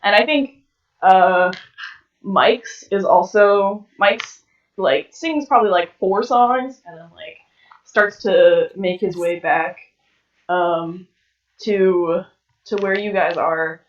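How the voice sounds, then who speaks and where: A woman's voice: mid-range voice, slow, roomy sound, recorded from a distance, dull audio. A woman narrating as game master of a tabletop game, hesitant, with many fillers and restarts.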